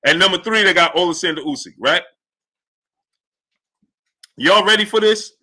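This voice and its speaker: Male livestream boxing host, high lively voice with a very bright edge, hypes the chat. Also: moderate pace. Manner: animated, hypes the audience, shouts out chat names. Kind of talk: livestream commentary reading chat.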